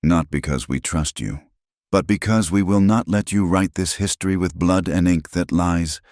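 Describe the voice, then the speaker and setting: A man putting on the voice of a stern frontier schoolteacher woman, steady and accusing. The voice is deep and dry, with a measured, cold edge in a storybook western. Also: no room sound, lightly acted.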